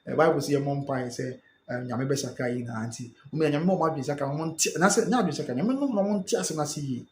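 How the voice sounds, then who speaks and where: A man's voice: on the high side, quick pace, a little mellow, roomy sound, a little hiss or hum. A Ghanaian man hosting a live stream, reading out viewer comments and reacting, switching between English and Twi. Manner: mixes English with Twi, reacts and repeats phrases.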